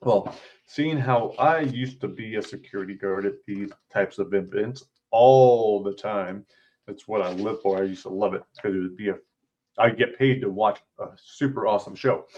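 A man's voice: lowish voice, moderate pace, a little mellow, dull audio. Casual man reading his own story aloud. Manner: casual, blunt, swears freely. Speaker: author and podcast host.

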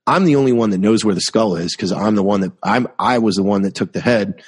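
Husky man telling a profane story. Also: on the low side, fast talker. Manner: profane, exasperated anecdote telling. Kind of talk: casual storytelling chat.

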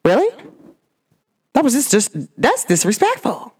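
A young woman hosting a podcast, talking in an emphatic, animated rant full of rhetorical questions. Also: a little high, a little slow, slightly rough. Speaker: podcast host. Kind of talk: casual monologue.

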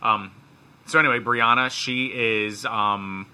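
A man's voice: fairly low pitch, fairly even intonation, slow, bright, forceful tone, clean tone. A middle-aged man, hosting a casual podcast, joking and rambling. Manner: joking, rambling, laughs at own jokes. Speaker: podcast host. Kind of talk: casual chat.

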